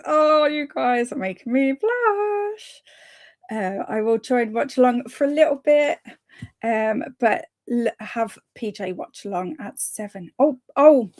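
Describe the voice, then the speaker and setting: A woman hosts a casual reading livestream, her voice sitting a little high. She chats warmly with her viewers and reads their comments aloud. She cheers them on, laughing lightly as she goes. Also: unhurried. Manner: chatty and encouraging, with frequent small laughs. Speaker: livestream host of reading sprints.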